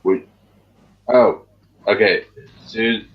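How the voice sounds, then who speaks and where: A young man with a very low voice trades crude, brash jokes with friends. The recording sounds dull and lo-fi, like a cheap mic in a room. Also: steady tone, extremely slow. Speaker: friend in a group chat. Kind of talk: casual chat.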